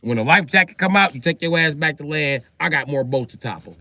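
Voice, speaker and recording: A brash male comic with a high, bright voice that swoops up and down constantly. He delivers crude material loudly and acts out exchanges between characters, all sounding dry and close to the mic. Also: expressive, a little fast, no room sound. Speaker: stand-up comedian. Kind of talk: profane stand-up comedy bit.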